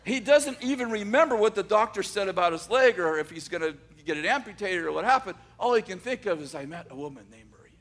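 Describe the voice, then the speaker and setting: A man telling a dramatic story, swinging from loud bursts to hushed asides. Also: sits high, lively intonation, a little fast, few pauses.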